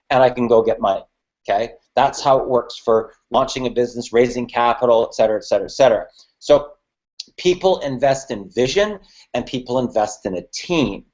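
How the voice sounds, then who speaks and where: A man's voice: medium pitch, normal speed, darkish tone, muffled recording. A man teaching business networking, emphatic, checking in with the audience after nearly every point. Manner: emphatic, repeats "okay" and "right" to the audience. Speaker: business mentor. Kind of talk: coaching webinar talk.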